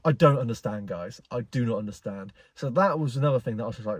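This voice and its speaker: A man's voice: medium pitch, expressive, fast, hardly any pauses, no room sound. A young man telling a frustrated story to camera, incredulous and rambling. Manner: exasperated, incredulous, rambling with many "like"s. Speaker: car enthusiast vlogger. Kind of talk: casual storytelling rant.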